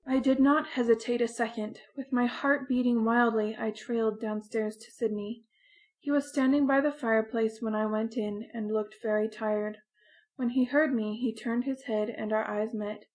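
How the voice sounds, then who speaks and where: A woman narrating a first-person story in an earnest, expressive diary-style reading. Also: a little high, normal speed. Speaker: audiobook narrator.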